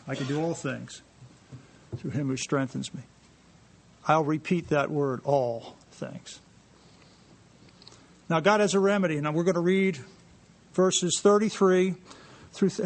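Male preacher, high voice, lively and joking with the congregation, reads scripture aloud. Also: normal speed, pauses often. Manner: animated, jokey, reading scripture aloud to a congregation. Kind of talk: sermon. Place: church sanctuary.

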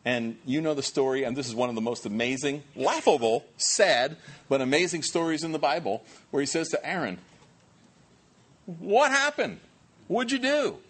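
A male pastor preaching in a relaxed, conversational style, retelling the story animatedly with frequent fillers. His voice sits in a middle pitch with a husky, slightly breathy texture. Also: brisk. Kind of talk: sermon.

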